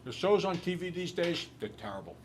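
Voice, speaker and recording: A male teacher lecturing a class in an animated, joking storyteller way. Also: sits high, a little fast, a little hiss or hum.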